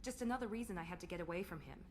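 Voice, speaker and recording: A woman's voice: lowish voice, racing, darkish tone, slight background noise, natural voice. An actress playing a proud, guarded woman officer in a game, composed and self-assured. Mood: cool.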